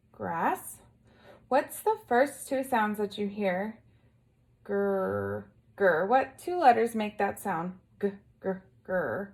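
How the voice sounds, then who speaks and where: A young woman teaching a lesson to young children, patiently sounding out letters and asking simple questions. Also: a little high. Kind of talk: early-grade lesson video.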